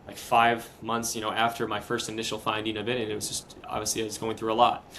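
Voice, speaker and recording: A young man in his twenties, a podcast guest, recounting a hard personal story in a casual, earnest, halting way. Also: lowish voice, monotone, fairly bright tone, slight background noise, rough recording. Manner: earnest, halting, retelling step by step.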